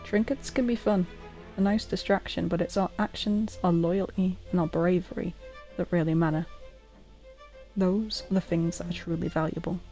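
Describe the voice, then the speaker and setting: Eine Frau spielt eine weise, belehrende Kriegerkatze. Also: female voice, fairly low pitch, steady tone, moderate pace, muffled recording, soft background music, lightly acted. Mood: wise. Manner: gently instructive, moralizing.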